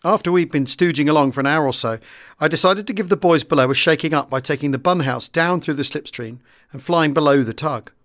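A man reading a wartime memoir aloud in the first person, steady and understated. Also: on the high side, a little fast. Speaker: audiobook reader.

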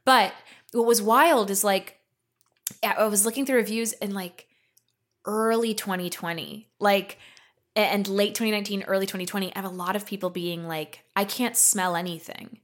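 A woman co-hosting a comedy podcast in casual chat, rambling with lots of "like" and sudden lifts in pitch. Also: fairly even intonation, normal speed. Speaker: podcast co-host. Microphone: podcast mic.

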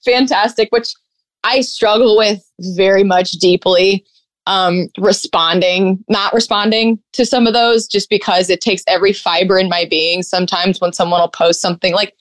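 A young adult woman in casual conversation, telling animated stories and acting out the quotes, with lots of "like". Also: mid-range voice, moderate pace, no room sound. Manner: animated storyteller, acts out quotes, heavy on "like". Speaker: guest content creator. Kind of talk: casual chat.

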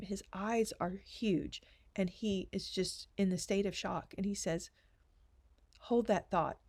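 Woman telling her faith story, earnest and emotional, drops to a hush sometimes. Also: mid-range voice. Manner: earnest, tearful storytelling with hushed asides. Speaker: speaker sharing testimony. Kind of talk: personal faith testimony.

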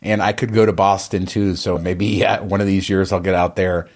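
A man's voice: deep voice, level tone, moderate pace. A man co-hosting a podcast, chatting in a casual, enthusiastic way. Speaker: podcast co-host.

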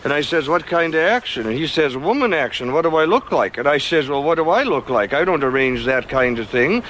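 An actor playing a laconic small-town bartender with a Minnesotan accent, telling a story in a flat, dry way. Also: male voice, fairly high pitch, fairly quick, slight background noise, rough recording. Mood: deadpan storytelling. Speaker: film character.

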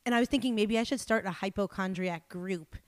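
A woman's voice: medium pitch, brisk, crowd noise. A woman co-hosting a podcast, telling self-mocking stories with lots of laughter in casual chat. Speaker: podcast co-host.

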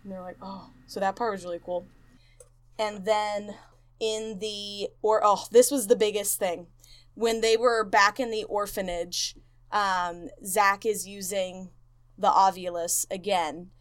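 A woman telling a ghost story to her co-host in easy, casual podcast chat. She leans on fillers like "like" and "um" and acts out what other people said. Her pitch sits in the middle for a woman. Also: slow pace. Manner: animated retelling, acts out quotes, many fillers.

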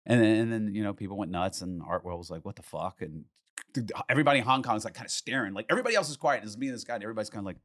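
A man's voice: fairly low pitch, racing, no room sound, clean studio sound. A man telling a story in casual conversation, swearing freely and acting out what people said. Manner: animated, swears freely, acts out quotes. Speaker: art collector telling a story.

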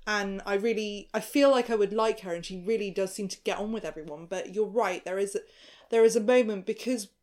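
Woman hosting a chatty podcast, rambly and relaxed, trails off and restarts a lot. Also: mid-range voice, a little fast. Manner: chatty, thinks aloud with many restarts. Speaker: podcast host. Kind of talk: casual chat.

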